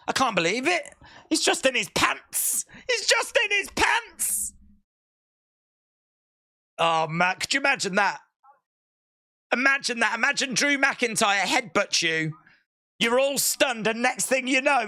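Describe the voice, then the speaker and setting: Wrestling streamer reacting live, slow-ish and bright, gets loud and excitable. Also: mid-range voice. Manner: excitable, bursts into shouts and laughter. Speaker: wrestling watch-along streamer.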